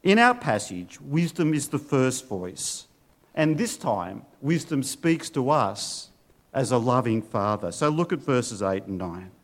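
A man's voice: medium pitch, big pitch swings, measured pace. A middle-aged male pastor giving an earnest sermon and asking his listeners rhetorical questions.

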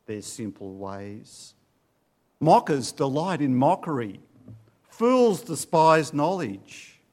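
A man preaching a sermon, swinging between loud urging and low, hushed warnings. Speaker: pastor.

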